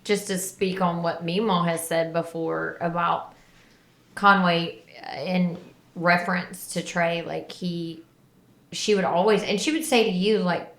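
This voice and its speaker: A woman's voice: on the low side, steady tone, measured pace, a bit bright, reverberant. A woman co-hosting a podcast, chatting in a rambling, self-deprecating way. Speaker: podcast co-host. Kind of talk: casual chat.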